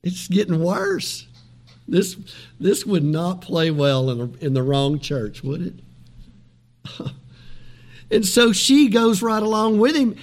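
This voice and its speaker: Middle-aged guy preaching, pretty high voice, goes quiet for asides then gets loud and pleading. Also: slow pace, pauses often. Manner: animated storytelling, swings from soft asides to loud pleading. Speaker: pastor. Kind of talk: sermon.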